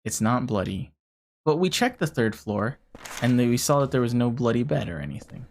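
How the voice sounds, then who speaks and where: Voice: medium pitch, sing-song, moderate pace, a little mellow, slight background noise. Frustrated, swearing game streamer. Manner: frustrated, swears often, talks through a puzzle aloud. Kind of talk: casual live gameplay commentary.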